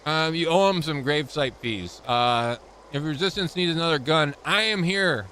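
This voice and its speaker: Young male streamer, crude jokes, bright forceful voice, pitched a little high. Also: moderate pace, a little hiss or hum. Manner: joking, crude, rambling. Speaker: game streamer. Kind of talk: live gameplay commentary.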